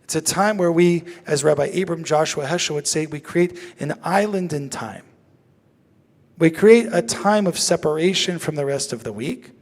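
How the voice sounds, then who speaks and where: Rabbi with a slightly high voice in a reverberant hall. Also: male voice, normal speed. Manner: asks the audience questions, joking and lively. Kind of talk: interactive teaching talk. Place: synagogue sanctuary. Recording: long reverb of a large hall.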